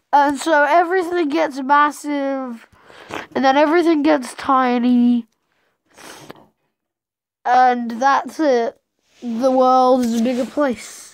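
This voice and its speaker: A woman's voice: high voice, steady tone, slow pace, no echo. A woman telling a rambling, playful made-up story while drawing, with sudden dramatic outbursts.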